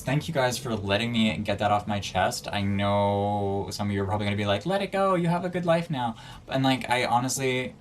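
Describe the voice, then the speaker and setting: A young man vlogging a ranting story, exasperated and animated, full of "like"s. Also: lowish voice, slight background noise. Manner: exasperated, animated venting with many "like"s.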